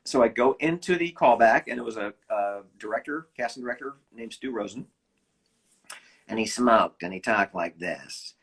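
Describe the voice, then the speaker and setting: A man, a voice actor, telling animated behind-the-scenes anecdotes in a casual interview, with quick restarts. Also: mid-range voice, slightly rough. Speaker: voice actor guest.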